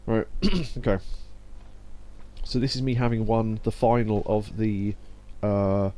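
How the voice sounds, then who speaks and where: A young man with a slow, mellow voice on the low side offers casual let's-play commentary while streaming a game. He's chatty, laughs often, and reads the game text aloud.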